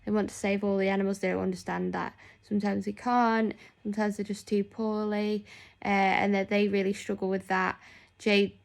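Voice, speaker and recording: Young woman rambling on camera, gravelly fry in her voice, lots of likes and ums. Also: mid-range voice, level tone, moderate pace. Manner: rambling, chatty, heavy on fillers. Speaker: nurse. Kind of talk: casual vlog chat.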